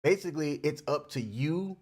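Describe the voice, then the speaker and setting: A man's voice: fairly high pitch, animated, normal speed, darkish tone, husky. A young adult man co-hosting a casual relationship podcast, playful and joking, laughing often. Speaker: podcast co-host. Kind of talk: casual chat.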